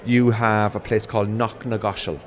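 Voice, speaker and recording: A man with an Irish accent telling rambling, animated stories in a casual chat. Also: lowish voice, normal speed, slight background noise. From Ireland.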